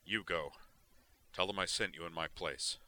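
A man's voice: low voice, normal speed, sharp tone. A man reading as a furious wounded starship admiral who growls and snarls orders. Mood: commanding.

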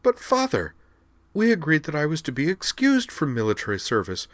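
A man voicing a spoiled, scheming young noblewoman, shrill and protesting. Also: huge pitch swings, normal speed, fairly bright tone, no echo.

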